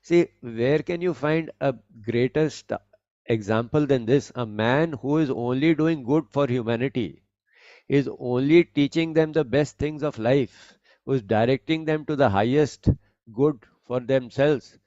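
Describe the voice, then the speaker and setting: Man, spiritual teacher, scripture discourse, deliberate explanatory delivery, rephrases points, dry close sound, muffled lo-fi recording. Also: medium pitch, mellow, no room sound.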